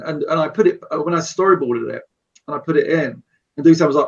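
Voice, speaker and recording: A man's voice: a little high, fast, breathy edge. A man, a guest on a podcast, talking eagerly about a project he storyboarded, rambling with many restarts. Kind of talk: casual podcast chat. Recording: distant, dull lo-fi remote mic.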